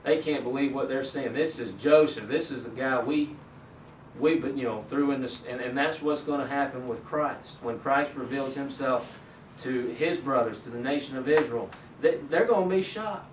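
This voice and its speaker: At normal speed and in a mid-range voice, a man runs a Bible study: he reads scripture aloud, then unpacks it conversationally. Faint ambient noise, a distant mic, and room echo color the sound.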